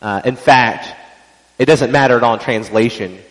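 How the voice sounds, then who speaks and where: A man's voice: medium pitch, normal speed, in a large hall, poor audio. A man giving an evening church teaching in a conversational, explanatory way, with frequent fillers and restarts.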